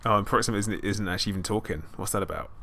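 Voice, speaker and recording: British man, lowish pitch, bright tone, chatty gaming stream host. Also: racing, creaky. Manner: chatty, laughs often, filler ums. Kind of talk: casual gaming stream chat.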